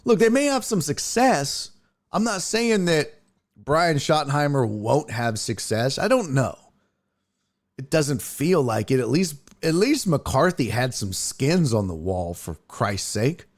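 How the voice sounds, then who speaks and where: A man's voice: fairly high pitch, sing-song, a little slow. A man hosting a streamed sports talk show, ranting bluntly and profanely with strong opinions. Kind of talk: casual sports rant, live stream.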